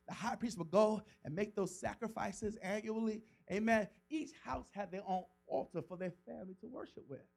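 A male pastor with a notably high voice delivers a sermon. He voices scripture characters dramatically, swinging from soft, low-key explanation to loud, impassioned shouts. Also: creaky, poor audio. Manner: preaching with dramatic voiced quotes, rising to shouts.

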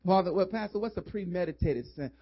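A male pastor preaching with fervor, his voice pitched high and husky. He swings between shouting and hushed asides. The sound is dull and lo-fi. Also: animated, fast talker. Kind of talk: sermon. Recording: dull lo-fi recording.

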